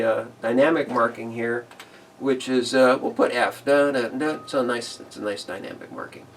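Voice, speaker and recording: A man teaching big band arranging in a casual tutorial, relaxed, chuckling now and then and singing phrases as "ba da da". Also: mid-range voice, recorded from a distance. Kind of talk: casual screen-recorded tutorial.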